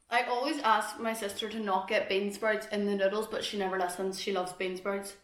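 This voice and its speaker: A woman's voice: medium pitch, little pitch movement, fairly quick, hardly any pauses, reverberant. A young woman with a Northern Irish accent, chatting casually to camera while eating. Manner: chatty, rambling, eating between sentences. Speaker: vlogger.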